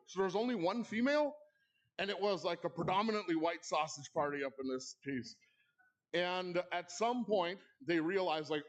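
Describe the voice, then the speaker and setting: A man hosting an awards ceremony, telling a comic story with playful asides to the audience at a live event. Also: high voice. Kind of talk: comedic storytelling monologue. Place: live event in a club hall.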